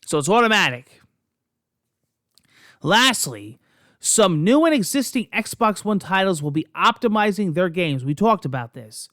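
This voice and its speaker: A gaming video host chatting excitedly about console news, rambling through restarts and scoffing at critics. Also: mid-range voice, a little slow, no echo, clean studio sound. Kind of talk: casual gaming news vlog.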